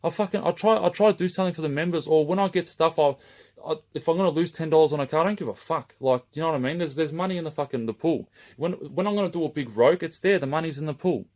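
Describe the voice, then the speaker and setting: A man's voice: a little high, quick pace, a little mellow. A man running a raffle page, delivering a heated, rambling open-letter rant straight to camera and swearing constantly.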